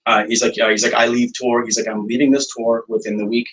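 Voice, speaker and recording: Animated man telling stories, slightly off-mic. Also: medium pitch, fast, far from the mic, poor audio. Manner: animated storyteller, acts out quoted dialogue, frequent fillers. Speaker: guest, songwriter and producer. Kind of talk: casual storytelling interview.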